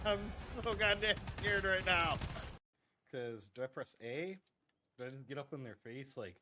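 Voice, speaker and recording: A young man with a stuffy nose, streaming a game and joking, rambling and reacting loudly as he plays. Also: fairly high pitch, a little slow, background noise. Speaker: livestreamer. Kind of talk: casual live gameplay commentary.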